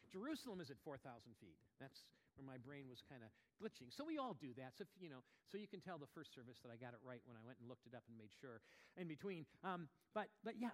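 A male pastor with a voice pitched a little above most men's, delivering a sermon in a conversational way. He stumbles and restarts, drops in casual asides, then builds into forceful, emphatic stretches. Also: in a large hall. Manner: animated, rises to emphatic bursts.

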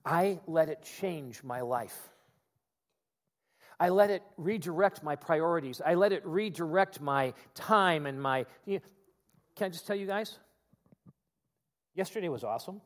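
Guy preaching, kinda high voice, goes loud then quiet and chatty. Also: unhurried, long pauses, long reverb tail. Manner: animated, swings from loud emphatic preaching to quiet asides. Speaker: pastor. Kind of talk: sermon.

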